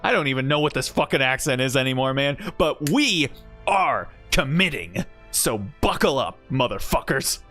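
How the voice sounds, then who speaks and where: A man's voice: medium pitch, animated, normal speed, pushed and bright, soft background music. A man streaming a game. He rambles casually, swears freely and often breaks off his own sentences. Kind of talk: casual gaming stream commentary.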